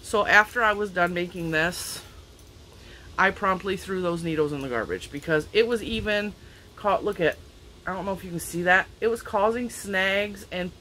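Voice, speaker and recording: A chatty woman talks through a haul of craft gifts, her voice bright and forward. She is open and emotional, laughing often and growing teary. Faint outdoor ambience sits behind her. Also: fairly low pitch, moderate pace, slight background noise, rough recording. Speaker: crafting vlogger. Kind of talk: casual chat. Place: outdoors in a back yard.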